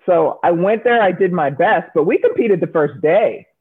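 A woman's voice: lowish voice, normal speed, breathy edge. Woman telling stories over a thin phone-like line. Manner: animated storyteller, acts out quoted voices. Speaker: former Olympic shot putter, interview guest. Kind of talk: storytelling interview answers. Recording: narrow phone-like sound.

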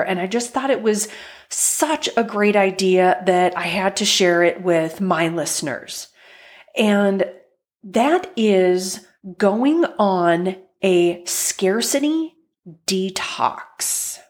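Slow-talking woman life coach podcaster. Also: mid-range voice. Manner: chatty, encouraging, acts out quoted thoughts. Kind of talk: solo podcast talk.

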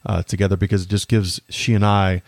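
Hosting his faith-focused podcast, a man in his thirties reflects personally in a low, slightly mellow voice with vocal fry and a flat delivery. His speech is earnest yet halting, full of fillers and false starts, captured close and dry without echo.

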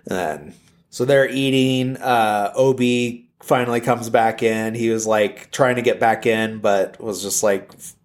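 A man's voice: medium pitch, steady tone, a little slow. A man casually retelling a film's plot, rambling with lots of fillers. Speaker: film plot recapper.

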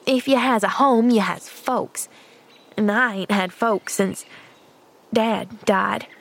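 A woman voicing a scruffy, sulky ten-year-old orphan boy who mumbles grudgingly in rustic slang, for a storybook reading. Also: a little high.

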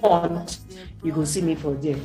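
A middle-aged woman from Nigeria with a Nigerian Pidgin accent, a studio guest giving a radio interview and telling her story in an animated way, her voice jumping up when she stresses a point. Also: low-pitched, a little slow, faint music behind. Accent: Nigerian Pidgin English.

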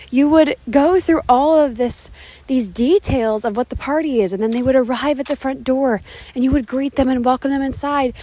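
A woman's voice: high-pitched, warm tone. A woman business coach hosting a motivational podcast, talking emphatically outdoors in the wind, holding her microphone with her hand cupped around it. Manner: enthusiastic, emphatic, repeats phrases for emphasis. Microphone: handheld mic with cupped hand.

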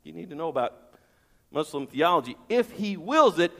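High-voiced man preaching with hall echo. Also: very animated, moderate pace, a bit bright. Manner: emphatic, rhetorical questions and repetition. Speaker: pastor. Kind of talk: sermon.

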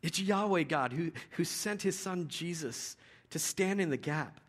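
A man preaching in an easy, conversational storytelling manner. His voice sits a little higher than average. He often restarts his sentences as he talks to the congregation. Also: a little slow, a bit bright. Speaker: pastor. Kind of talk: sermon.

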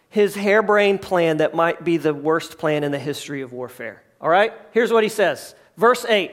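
High-voiced animated man preaching. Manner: animated storytelling with jokes and acted-out quotes. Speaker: pastor. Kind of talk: sermon. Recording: live address to a congregation.

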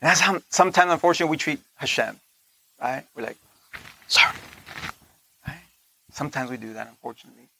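A man giving a conversational sermon, often checking in with listeners with "right?", slowing down on key points and dropping into soft asides. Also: fairly high pitch, lively intonation, vocal fry, no echo. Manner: slows down to stress points, laughs between lines. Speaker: teacher of a Torah portion.

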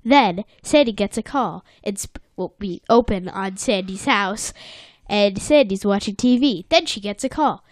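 A woman's voice: mid-range voice, measured pace, dry recording. A woman co-hosting a casual chat, retelling a cartoon episode with giggles and whoosh sound effects. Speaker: podcast co-host recapping a cartoon episode.

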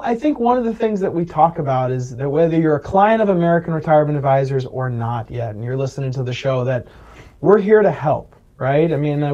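A man's voice: a little high, dark tone, dull audio. A man working as a Medicare planner, earnestly retelling client stories in an interview. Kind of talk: interview storytelling.

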